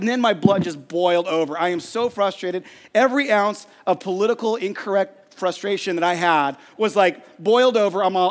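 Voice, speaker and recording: On a church stage, a middle-aged pastor delivers a storytelling sermon in a voice that runs high for a man. His tale is lively and pokes fun at himself, moving at a moderate clip with few pauses, while the long reverb of a big hall carries his words away.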